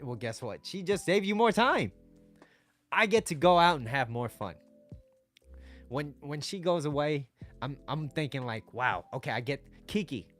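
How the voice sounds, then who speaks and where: A man giving casual dating advice to his viewers, blunt and swearing, reading their chat comments aloud. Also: medium pitch.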